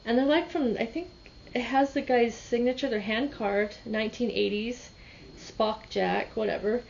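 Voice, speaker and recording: A woman reseller with a slightly high, gravelly, darkish voice chats casually at a moderate pace about her yard sale finds. She rambles and restarts sentences while telling a story. The recording is muffled, with a bit of hiss or hum.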